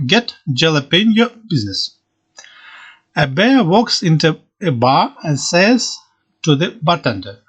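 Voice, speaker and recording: A man hosting a joke podcast, reading one-liners in a slow deadpan way with occasional slips and restarts. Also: a little high, husky.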